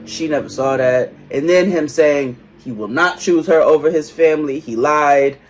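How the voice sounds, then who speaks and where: A co-host of a reality-TV recap show, chatting casually and profanely, laughing often and acting out quotes in big high voices. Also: moderate pace, soft background music. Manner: laughs often while talking. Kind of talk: casual pop-culture recap chat.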